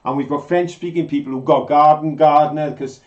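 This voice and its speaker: A man's voice: a little high, steady tone, a little fast, darkish tone. A man, co-hosting a live stream in a chatty, jokey, enthusiastic way. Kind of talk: casual live-stream chat. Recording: slightly dull lo-fi sound.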